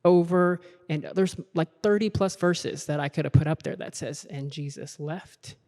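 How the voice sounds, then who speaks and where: In a large hall with a worship team, a conference speaker delivers an earnest sermon at a leadership event, repeating his invitations as the talk builds. His voice sits high, a little mellow, at a moderate pace, with long hall reverb and faint music behind.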